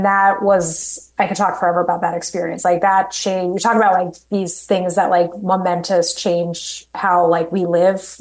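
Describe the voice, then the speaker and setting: A woman's voice: on the low side, rough recording. Chatty woman guest on a podcast. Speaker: guest, coach. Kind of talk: conversational interview.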